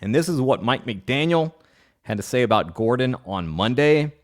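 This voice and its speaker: A man's voice: medium pitch, lively intonation, normal speed. A man hosting a podcast, talking in a casual, joking way with rambling asides and playful rants. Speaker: podcast host.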